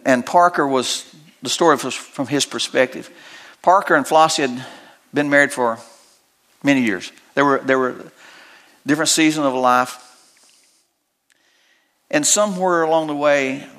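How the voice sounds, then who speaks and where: A man preaching a sermon as pastor, with big swells of emotion and soft, tender storytelling that comes close to tears. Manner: preaching with big rises in pitch, then dropping soft and low for a story.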